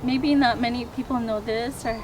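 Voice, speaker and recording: A woman guest sharing a personal story, speaking softly and hesitantly. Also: a little high, steady tone. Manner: slow, soft-spoken, hesitant. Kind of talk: personal testimony. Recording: clear background noise.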